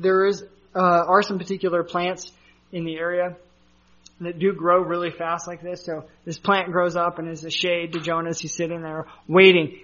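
A man's voice: sits high, fairly bright tone, muffled recording. A man preaching a sermon as a pastor, conversational with asides and fillers.

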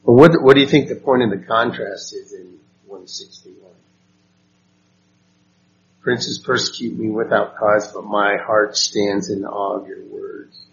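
In a gravelly, lowish voice with fairly even intonation, a man unhurriedly reads Bible verses to his study group and asks them questions. The sound is dull and lo-fi, with faint noise.

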